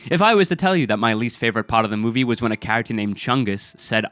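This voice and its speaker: A man's voice: mid-range voice, expressive, fast talker, fairly bright tone, dry recording. A man giving casual film commentary in a rambling, incredulous way, with many fillers. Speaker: film review video creator.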